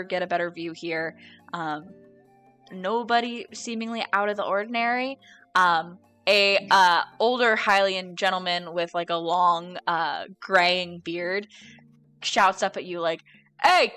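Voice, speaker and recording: Bright-voiced woman running a tabletop game. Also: lowish voice. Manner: hesitant, many ums while describing scenes. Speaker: dungeon master.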